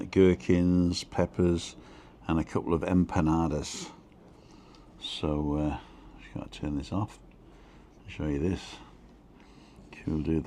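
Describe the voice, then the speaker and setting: A man's voice: sits low, darkish tone, a little hiss or hum. A man hosting a casual live stream, rambling about food and reading viewer comments aloud. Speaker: vlog host. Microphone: own microphone.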